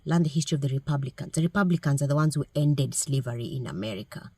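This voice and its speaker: A woman's voice: a bass voice, quick pace, warm tone, husky, dry recording. A woman from Kenya, giving blunt, scolding political commentary straight to camera.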